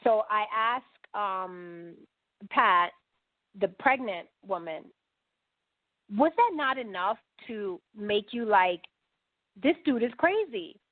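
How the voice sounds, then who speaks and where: A woman guest on a podcast, telling a long story and acting out the dialogue in lively quoted voices. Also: mid-range voice, takes it slowly, pauses often, no room sound. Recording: dry phone-line sound.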